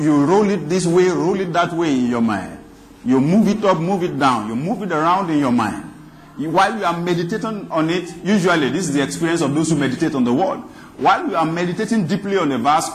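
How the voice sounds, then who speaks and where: Emphatic high-voiced male preacher. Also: slight background noise. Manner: emphatic, repeats phrases for stress. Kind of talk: sermon.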